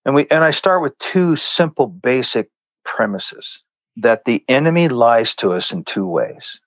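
A guest in a faith interview, this man tells stories earnestly and conversationally and acts out other people's words. His medium-pitched voice swings widely in pitch at a slightly slow pace, with no room sound and cut-off highs.

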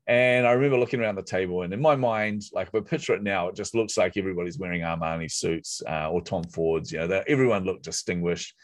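A middle-aged man, a guest in a conversation, telling a story in an animated, self-mocking way and acting out his own inner voice. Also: low-pitched, quick pace, hardly any pauses, no room sound.

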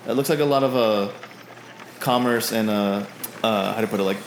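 A man's voice: fairly low pitch, moderate pace. A man narrating as game master, rambling and hesitant as he describes the scene. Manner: rambling, hesitant, with many fillers and restarts. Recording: roomy echo with faint noise.

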